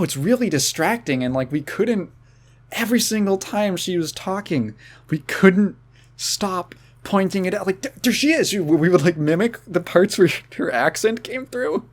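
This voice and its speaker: A young man chats casually on a podcast, his voice sitting a little high for a man. He rambles, circles back on himself and fills the gaps with ums and likes, chuckling now and then. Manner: rambling, with frequent fillers and restarts. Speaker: podcast host. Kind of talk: casual chat.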